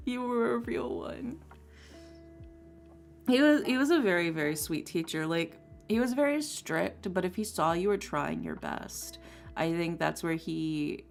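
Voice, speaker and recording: Young woman, low raspy-ish vocal fry, rambly casual art stream chat, faint lo-fi music in the back. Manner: rambling storyteller, heavy on "like" and "um". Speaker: streaming artist. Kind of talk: casual chat while drawing. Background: soft lo-fi music.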